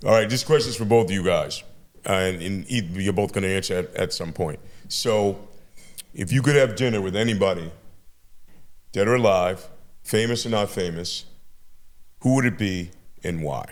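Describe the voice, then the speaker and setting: A man's voice: deep voice, normal speed, long pauses. A man teacher interviewing students in a casual, encouraging way, laughing often.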